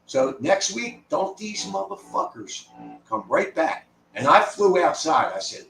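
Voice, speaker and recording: A man in a casual chat, telling a story in a blunt, profane, animated way. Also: sits high, a little slow, creaky. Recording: distant echoey mic with faint noise.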